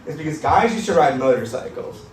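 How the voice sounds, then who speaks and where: A man doing stand-up comedy on a club stage, with a deadpan, edgy, self-mocking delivery. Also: fairly high pitch, brisk, slight background noise. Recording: roomy club sound from far, crowd laughter.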